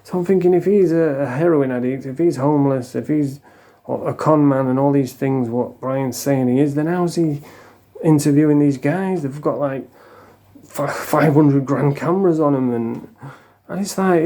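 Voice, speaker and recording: Gravelly, dark-voiced man ranting. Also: fairly high pitch, moderate pace. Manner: blunt and scornful, swears freely, many restarts. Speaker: commentary channel host. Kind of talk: casual rant to camera.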